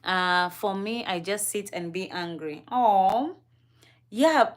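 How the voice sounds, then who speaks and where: A young woman from Kenya talks through a relaxed livestream with her co-host. Her voice sits at an ordinary middle pitch, and she sounds curious and easygoing. She laughs easily and keeps turning to the viewers in the chat. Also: takes it slowly.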